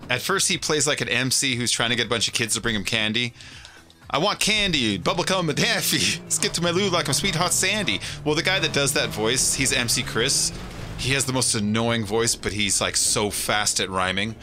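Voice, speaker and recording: A man's voice: medium pitch, pushed and bright. A man streaming a video game, chatting casually and laughing with friends. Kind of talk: casual gaming stream chat. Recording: game music behind voice.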